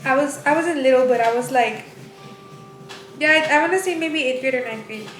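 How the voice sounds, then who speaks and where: High-voiced young woman, halting storyteller. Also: fairly bright tone, soft background music. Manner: halting, many fillers and restarts. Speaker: vlog co-host. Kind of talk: casual storytelling. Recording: echoey room with clear background noise.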